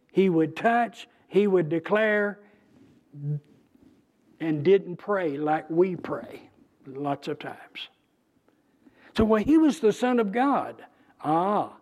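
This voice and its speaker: Male preacher, high voice, talks through scripture conversationally with emphasis. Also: darkish tone. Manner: conversational, emphatic, with pauses and restarts. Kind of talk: bible teaching.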